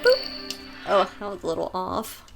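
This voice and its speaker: A woman's voice: medium pitch, wildly swooping pitch, moderate pace, gravelly. A young woman chatting casually and emotionally while reacting to music videos, rambling and often laughing.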